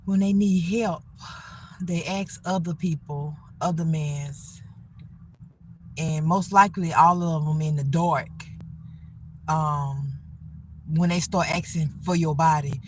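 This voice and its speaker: A woman's voice: low voice, steady tone, slow, long pauses, a little mellow, slight background noise. A middle-aged woman talking casually on a phone livestream, rambling earnestly about faith and getting by. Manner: rambling, faith-filled encouragement; plain-spoken, earnest.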